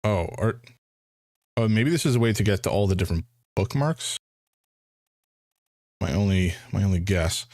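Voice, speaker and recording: A man with a lowish, lively voice talks through a game live, hesitant and thinking aloud. The sound is dry and close, with faint music underneath. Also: normal speed, long pauses, dry recording. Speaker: streamer.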